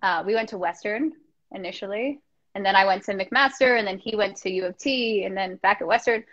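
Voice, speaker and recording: A Canadian woman hosting a live video chat, bubbly and quick to giggle. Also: medium pitch, fairly bright tone, dull audio. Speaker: host. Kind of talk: casual chat.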